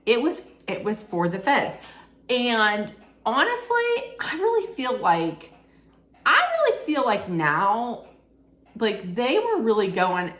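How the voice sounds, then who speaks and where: A woman vlogger gives casual commentary in a slow, unhurried way. She tells it like frank gossip and speaks straight to her viewer. The room around her rings with echo. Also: fairly low pitch, a bit bright. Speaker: vlogger reviewing a documentary. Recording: echoey room.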